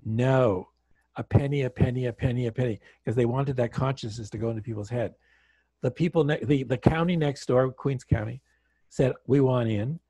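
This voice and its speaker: A man's voice: mid-range voice, normal speed, slightly rough. A man guest speaker from Canada, telling stories on an online call and acting out the dialogue with energy. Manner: animated storyteller acting out dialogue. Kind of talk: storytelling talk.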